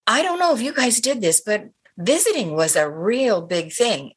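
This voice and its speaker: A woman's voice: a little high, normal speed, slightly rough. An older woman from Cape Breton, Canada, a guest in an interview, telling stories animatedly and acting out what people said. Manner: animated storyteller, acts out quotes. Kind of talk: conversational interview.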